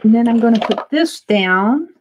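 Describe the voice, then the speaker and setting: A woman's voice: on the high side, animated, normal speed, darkish tone, a little hiss or hum. A middle-aged woman from the American Midwest chatting casually and rambling as she works on an art livestream. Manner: chatty, rambling, laughs often while working. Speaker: art streamer. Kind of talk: casual crafting livestream chat.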